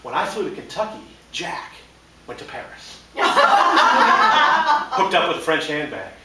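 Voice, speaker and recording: Man, contest speech, lively voice, fairly high, far-off echoing hall, noisy. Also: takes it slowly. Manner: animated, theatrical. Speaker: contest speaker. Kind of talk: humorous storytelling speech.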